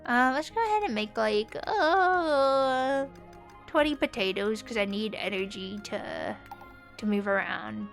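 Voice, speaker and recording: Over soft background music, a young woman from the US streams a game and chats with her viewers. Her voice is on the high side, unhurried and gravelly, with a neutral American accent and lots of rambling fillers.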